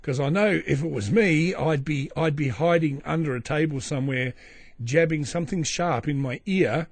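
A man's voice: a little high, gravelly, no echo. A middle-aged Australian man with an Australian accent who hosts a podcast and reads news with rambling, self-mocking asides from a small back room. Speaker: podcast host. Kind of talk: comic news commentary.

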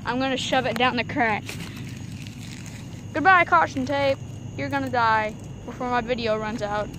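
High-voiced chatty teen girl vlogging. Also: steady tone, fairly quick, fairly bright tone, rough recording. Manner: chatty, giggly, rambling. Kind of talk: casual vlog chat. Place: outdoors in the countryside. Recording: phone recording outdoors with background noise.

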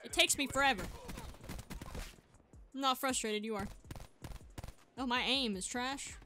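A woman's voice: on the high side, measured pace, background noise. A woman hosting a gaming channel, giving live gameplay commentary in a chatty, self-mocking way and yelping in bursts. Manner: excitable, yelps and shouts in bursts.

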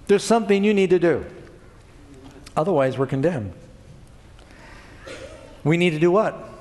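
Animated male preacher in a reverberant church. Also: high-pitched. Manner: animated preaching with rhetorical questions. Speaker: pastor. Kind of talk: sermon. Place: church sanctuary. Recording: long hall reverb.

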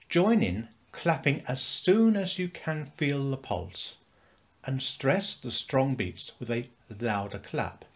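Slow, lively British male music tutor. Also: mid-range voice. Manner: slow, clear, counting beats aloud with stress. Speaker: music teacher. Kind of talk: scripted instructional narration.

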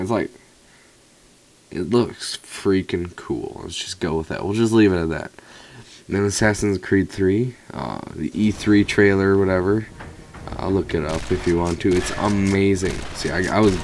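A man's voice: low voice, darkish tone, slight background noise. A man giving rambling let's play commentary over a video game, swearing casually at it. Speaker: gamer commentator.

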